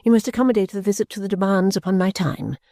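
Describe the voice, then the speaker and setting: A woman voicing a self-absorbed middle-aged mother who talks in a calm, clear, smoothly condescending tone, in an audiobook reading. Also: mid-range voice, fast, dry recording, clean studio sound, close to an everyday voice. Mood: serene, dismissive. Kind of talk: audiobook character voice.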